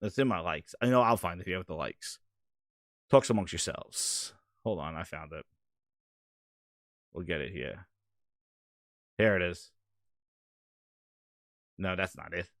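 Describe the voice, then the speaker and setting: A man hosting a live stream, talking in a rambling, excitable way with casual swearing. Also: deep voice, measured pace, long pauses, no room sound, clean studio sound. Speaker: host.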